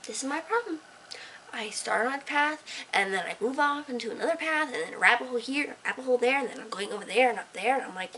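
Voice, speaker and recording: A woman's voice: high-pitched, animated, fast, pushed and bright, slight background noise, low-quality recording. Rambling, sarcastic teenage girl. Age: teens. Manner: rambling, sarcastic, drifting between whispers and bursts of energy. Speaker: vlogger. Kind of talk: casual late-night talk to camera. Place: own room at night, lit by a desk lamp.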